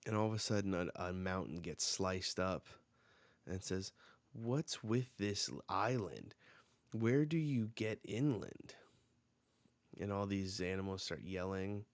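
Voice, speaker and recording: A man's voice: low voice, measured pace, dry recording. A man hosting a live reaction, reading comic dialogue aloud and reacting as he goes. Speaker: manga reaction host.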